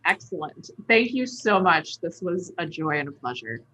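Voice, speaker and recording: A woman co-hosting an interview, soft-spoken. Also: lowish voice, big pitch swings, moderate pace. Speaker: co-host. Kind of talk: casual interview. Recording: dull lo-fi sound.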